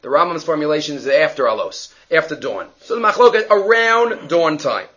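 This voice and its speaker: A Talmud teacher leads a daily Torah class in a brisk, animated, high-pitched male voice. He acts out story voices and mixes in Hebrew terms, captured on a dull lo-fi recording.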